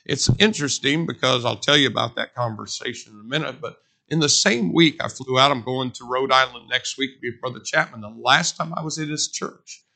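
Male preacher, sermon, bright forceful voice, chatty storytelling delivery, repeats key words for emphasis. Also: medium pitch, a little fast, creaky. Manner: conversational storytelling with emphatic repetition.

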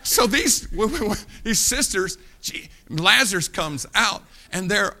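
A man pastor preaching a sermon, animated, with sudden loud rises and soft drops, acting out voices in his stories. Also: high voice, unhurried, hardly any pauses.

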